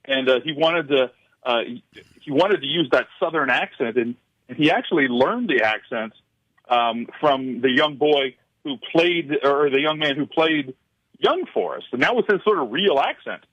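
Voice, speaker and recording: Halting male film professor on radio. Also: mid-range voice, animated, a bit bright, dry recording. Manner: halting, full of uh fillers and restarts. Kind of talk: radio interview chat. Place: radio studio. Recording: slightly muffled radio broadcast.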